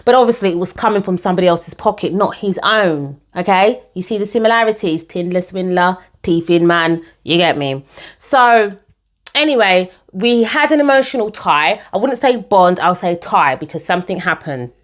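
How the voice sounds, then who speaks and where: A young woman telling her own story to camera in a chatty, animated way, often calling her viewers guys. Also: on the low side, moderate pace.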